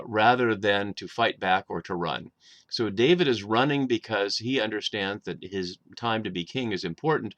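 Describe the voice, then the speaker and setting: A male Bible teacher explains the text at a measured pace. His voice sits at a middle pitch, and he often pauses with small hesitations as he thinks. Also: fairly bright tone. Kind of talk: video Bible lesson.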